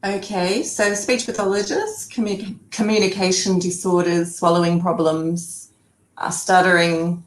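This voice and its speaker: An Australian woman with a slightly low voice chats as a guest, joking and laughing between points. Her words echo around the room on a video call. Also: fairly even intonation, a little slow. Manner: jokey, laughs between remarks. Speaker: guest, speech pathologist and comedian. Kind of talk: casual chat.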